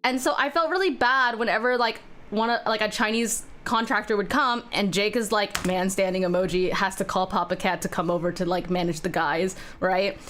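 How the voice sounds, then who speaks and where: A woman's voice: mid-range voice, normal speed, fairly bright tone, slight background noise. A young woman streaming while she draws, chatting casually in a rambling way with plenty of fillers and frequent laughs. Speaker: art streamer. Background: faint music.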